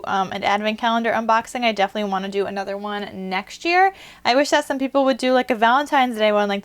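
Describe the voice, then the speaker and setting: A woman's voice: sits high, fairly bright tone. A young woman vlogger chatting casually and gushing while unboxing craft gifts at her desk at home, a little out of breath. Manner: chatty, gushing, many fillers.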